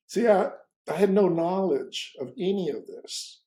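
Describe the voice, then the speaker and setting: A man telling a story in an interview, in a halting way with many repeats and fillers, and lively when he retells conversations. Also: high voice, poor audio. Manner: animated when retelling dialogue. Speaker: interview guest.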